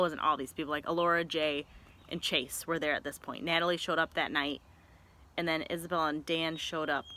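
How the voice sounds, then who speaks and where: A woman in her thirties from Michigan, telling a story in a casual vlog with chatty, excitable rambling and frequent self-corrections. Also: sits low, slight background noise. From Michigan, USA. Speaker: vlogger.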